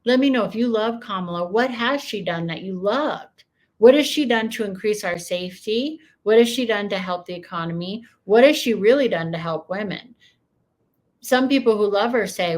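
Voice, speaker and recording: A woman's voice: medium pitch, lively intonation, moderate pace. A woman reacting to news clips with sarcastic, increasingly heated commentary.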